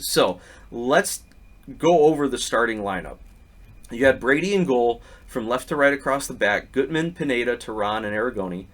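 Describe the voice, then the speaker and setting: A middle-aged man with an ordinary mid-range voice hosts a podcast, slightly hoarse from a weekend of yelling. He tells his stories in a loose, chatty way and slips into the voices of the people in them. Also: medium pitch. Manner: lively storyteller who acts out the quotes. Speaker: podcast host. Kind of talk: casual podcast storytelling and match recap.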